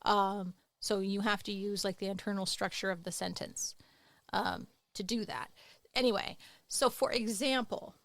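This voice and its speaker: A woman's voice: medium pitch, steady tone, normal speed, a bit bright, no echo. A woman co-hosting a writing podcast, talking casually with playful, teacherly asides. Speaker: podcast co-host.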